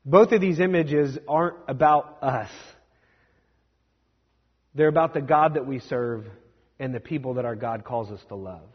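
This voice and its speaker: A man's voice: medium pitch, breathy edge, lo-fi sound. Conversational young male pastor in reverb. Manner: conversational, self-deprecating, quick asides. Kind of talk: sermon.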